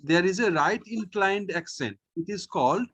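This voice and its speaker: A man teaching a French lesson online, slowly and patiently, repeating each sound and often checking in with "okay". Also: high voice, animated, fairly bright tone, breathy edge.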